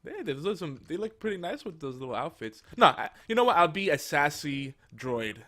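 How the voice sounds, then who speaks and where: A man's voice: fairly high pitch, very animated, brisk, sharp tone. A man co-hosting a casual fan podcast, playful and jokey, laughing often. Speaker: podcast co-host.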